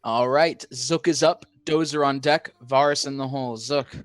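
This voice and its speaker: A man running a tabletop game as game master, briskly calling turns and narrating the action casually. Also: mid-range voice.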